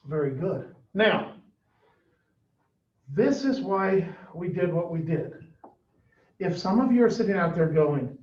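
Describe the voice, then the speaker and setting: High-voiced man teaching in an echoey classroom. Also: lively intonation, slow pace, long pauses, slight background noise. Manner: questioning, coaxing students for answers. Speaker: math teacher. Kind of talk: classroom lesson. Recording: echoey, distant, dull classroom recording.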